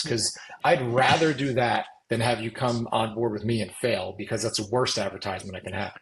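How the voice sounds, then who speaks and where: A middle-aged man, a fitness coach guesting on a podcast interview, who acts out coach-client dialogues in quick back-and-forth. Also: on the low side, fairly even intonation, low-quality recording.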